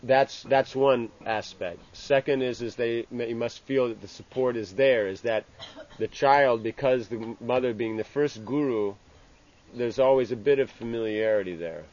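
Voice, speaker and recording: A man giving an informal scripture class. He speaks haltingly, restarting phrases and tagging lines with "you know". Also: mid-range voice, a little mellow. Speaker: religious teacher. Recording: dull lo-fi with faint ambient hiss.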